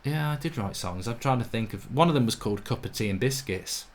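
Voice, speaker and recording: A man's voice: mid-range voice, expressive, a little fast. A man hosting a live football watchalong stream, talking in a chatty, jokey, rambling way with lots of fillers. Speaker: football channel host. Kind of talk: live match watchalong chat. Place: home studio, with a guitar.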